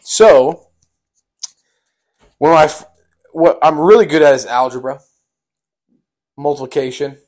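A man's voice: a little high, measured pace, long pauses, a little mellow. A young man telling a casual storytime on a podcast, rambling with lots of fillers.

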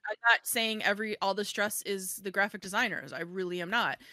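A woman hosting a podcast in casual conversation, telling stories with animated quoted back-and-forth. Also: mid-range voice, brisk, no room sound, studio quality. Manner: animated storyteller, acts out quoted exchanges. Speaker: podcast host. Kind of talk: casual chat.

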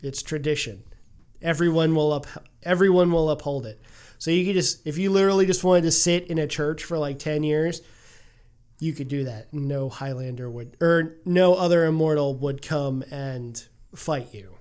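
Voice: mid-range voice, normal speed, darkish tone. A podcast co-host in a casual group chat, retelling a movie plot in run-on bursts and laughing often.

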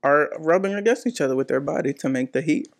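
A man's voice: a little high, fast talker. A man, hosting a casual, joking, slang-heavy chat.

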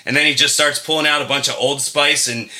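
A man's voice: mid-range voice, fairly even intonation, fast, bright, forceful tone. A man hosting a podcast, telling a funny story in a laid-back, joking way. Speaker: podcast host. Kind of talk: casual chat.

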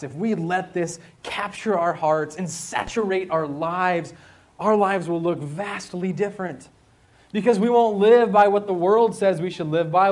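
A man's voice: high-pitched, darkish tone. A man preaching a sermon to students at a school, conversational, with rhetorical questions and repeated phrases. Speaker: school chapel speaker.

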